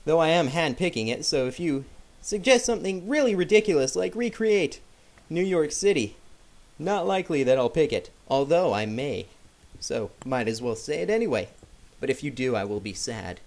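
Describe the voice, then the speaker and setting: A man's voice: on the high side, moderate pace. A man casually commenting on his game as he plays, joking with viewers and yelping when startled. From Canada. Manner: excitable, jokey, yelps at sudden scares. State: sick. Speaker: gameplay commentator.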